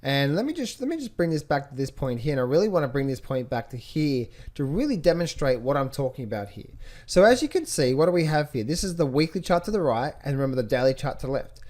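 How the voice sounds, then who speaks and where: A man's voice: fairly high pitch, sing-song, quick pace, a little mellow. A man teaching trading over a screen-share of charts. He keeps asking the viewer rhetorical questions and repeats phrases as he points things out. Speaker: trading educator.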